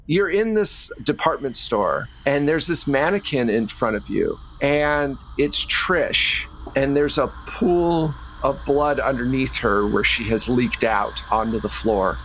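A man running a tabletop role-play game as game master, narrating scenes in a calm storytelling manner. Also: mid-range voice, unhurried, hardly any pauses, a little hiss or hum, rough recording. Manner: calm storytelling, drops into character voices.

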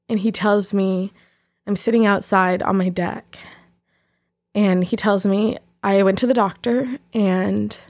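A young woman speaks as the host of her own podcast, telling a personal story in a reflective, candid way. Her voice sits at a medium pitch, and soft laughs come between her thoughts. The recording is dry and close, with no room sound. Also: no echo.

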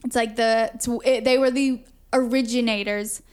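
Woman, podcast co-host, casual chat, filler-heavy, clear smooth tone. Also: fairly high pitch, steady tone, normal speed, darkish tone. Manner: chatty, laughs often, many "like" fillers.

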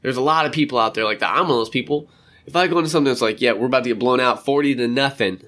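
A man's voice: mid-range voice, very fast, fairly bright tone. Rambling young man chatting casually. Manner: rambling, chatty, acts out quotes. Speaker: vlogger. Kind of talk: casual chat. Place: indoor room by a window.

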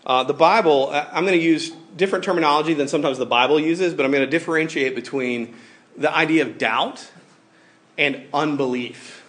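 Casting: male pastor, 30s, slightly high voice, casual animated sermon delivery. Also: a little fast. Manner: conversational, animated, acts out quoted voices.

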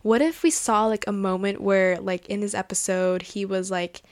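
Excitable woman host chatting solo at a table indoors, mid-pitched voice, gushing and chatty, close and dry. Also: moderate pace, dry recording. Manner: gushing, excitable and chatty, with frequent laughs and fillers. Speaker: podcast host. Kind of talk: casual solo podcast chat.

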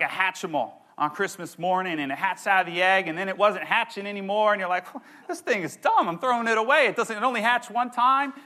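A young man preaching a sermon, excitable and animated, with playful asides. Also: sits high. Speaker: pastor.

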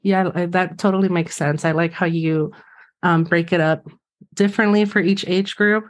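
A woman's voice: fairly low pitch, steady tone, moderate pace. A woman hosting a podcast interview, chatty and full of fillers. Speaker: podcast host. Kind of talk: casual interview chat.

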